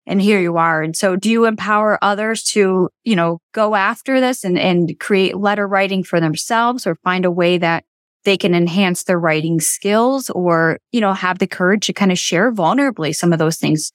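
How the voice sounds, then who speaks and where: A woman's voice: on the low side, normal speed, no room sound, clean studio sound. A woman hosting a podcast interview, who talks in an earnest, reflective way and brings her faith into the conversation. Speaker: podcast host.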